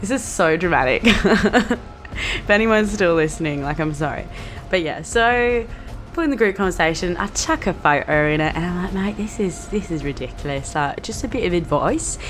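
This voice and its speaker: A woman's voice: fairly low pitch, moderate pace, faint music behind. Brash, sweary young woman. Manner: brash, sweary, animated storyteller. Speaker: podcast host. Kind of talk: casual storytelling monologue.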